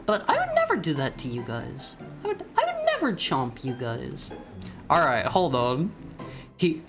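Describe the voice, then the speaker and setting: A man streaming as a VTuber, chatting playfully with his viewers and teasing them. He keeps tripping into restarts, and his pitch swings up and down. Faint music plays softly behind him. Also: wildly swooping pitch, unhurried. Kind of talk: casual live-stream chat.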